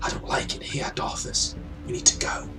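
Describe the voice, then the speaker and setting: A man's voice: mid-range voice, lively intonation, moderate pace, over loud music, voice pushed up, close to an everyday voice. A man voicing a nervous, self-conscious pudgy merchant who stammers and frets. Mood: flustered. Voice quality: stammering, fidgety.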